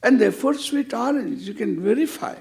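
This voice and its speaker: Gravelly older man teaching with humor. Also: very high voice, expressive, fairly quick, darkish tone. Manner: playful, teasing, acts out quoted dialogue. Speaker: spiritual teacher. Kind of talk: humorous scripture class.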